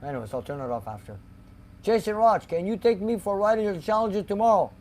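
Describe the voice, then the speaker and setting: A man's voice: sits high, expressive, fast, a little mellow, slight background noise. A man hosting a casual live stream from a garage, reading viewer comments aloud and chatting about them, sometimes slipping into Greek. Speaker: host reading live chat. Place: car garage shop.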